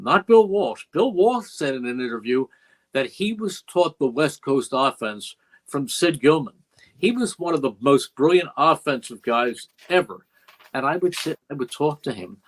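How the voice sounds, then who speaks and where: On the high side and fairly bright, this older man's voice comes through a rough recording. A seasoned play-by-play broadcaster, he's a guest on a studio podcast, recounting memories emotionally and reflectively, complete with quoted lines.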